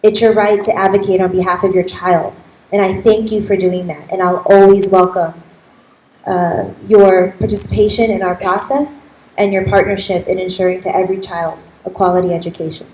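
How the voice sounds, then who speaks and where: A woman's voice: mid-range voice, level tone, moderate pace, darkish tone. A young woman from East San Jose, a county school board trustee, giving an emotional, impassioned speech at a public meeting. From East San Jose, California. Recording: echoey hall with faint noise.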